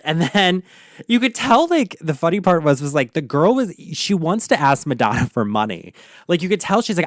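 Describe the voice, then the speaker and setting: Lively, gossipy, profane male podcast host. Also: a little high, quick pace, no room sound, clean studio sound. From Baltimore area, USA. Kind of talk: casual pop-culture rant.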